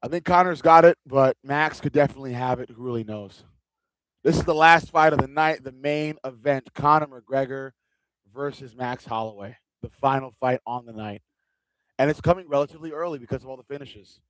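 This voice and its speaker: A man's voice: medium pitch, fairly quick, a bit bright, no room sound. A man hosting a live fight watch-along, chatting casually and joking with loose, rambling restarts. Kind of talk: casual live-stream chat.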